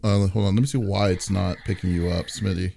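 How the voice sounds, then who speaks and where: A man's voice: low voice, fairly even intonation, brisk, creaky, mellow. A man hosting a casual podcast, talking in an easygoing way and stumbling over fillers. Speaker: host.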